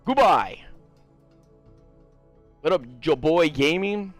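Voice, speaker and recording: A man streaming a game, telling a story in a casual, animated, swearing ramble and talking to his chat. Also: fairly high pitch, soft background music. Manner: animated, profane, fast-rambling. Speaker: gaming streamer.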